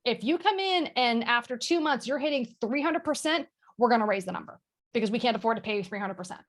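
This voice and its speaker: A woman's voice: fairly high pitch, animated, quick pace. A woman guest speaking frankly and casually about sales, swearing now and then. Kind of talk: casual panel chat.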